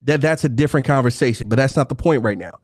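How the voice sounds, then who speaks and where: A man's voice: medium pitch, fast, darkish tone. Blunt, profane man hosting a heated debate. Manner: blunt, profane, talks over interruptions. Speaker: debate stream host.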